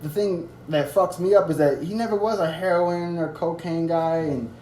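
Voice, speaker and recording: A man's voice: a little high, fairly even intonation, moderate pace, darkish tone. A young man in his twenties hosting a casual podcast, telling a loose, profane story and acting out the quotes. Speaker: podcast host. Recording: roomy echo, faint background noise.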